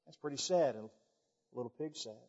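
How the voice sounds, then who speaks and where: A man's voice: medium pitch, fairly quick, warm tone. A man preaching a sermon, telling a folksy story with lots of repetition, in an echoey hall with dull sound.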